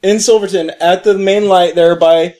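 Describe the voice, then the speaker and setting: High-voiced man, crude joking banter. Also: steady tone, normal speed, warm tone. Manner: crude, joking, explains at length. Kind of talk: casual chat.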